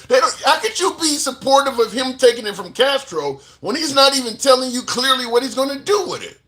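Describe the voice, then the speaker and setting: A man argues politics in a combative, emphatic way, using casual slang. His voice is high and very bright. He presses every point hard. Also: sing-song, brisk, few pauses. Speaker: podcast co-host. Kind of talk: heated political debate.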